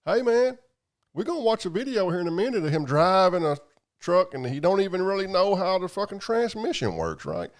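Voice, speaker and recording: A livestream host with a high, sing-song voice talks fairly quickly. He reads viewer comments while chatting casually, rambling and drawling with plenty of profanity.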